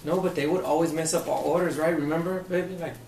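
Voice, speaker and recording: A man's voice: on the high side, fairly even intonation, quick pace, darkish tone. A man vlogging, chatting casually over a meal and rambling as he repeats himself. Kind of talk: casual mukbang chat. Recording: distant echoey noisy recording.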